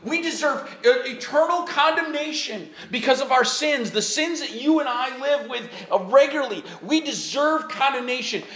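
Man, pastor, sermon, high voice, earnest with emphatic rises, echoey church hall. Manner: swings between quiet earnest tones and high emphatic rises. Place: church sanctuary.

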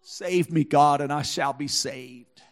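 A male pastor preaching a sermon, swinging from quiet, hushed passages to fervent shouting, punctuating phrases with a rhythmic "uh". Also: fairly high pitch, slow. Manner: speaks in tongues. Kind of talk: Pentecostal sermon. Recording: faint music behind.

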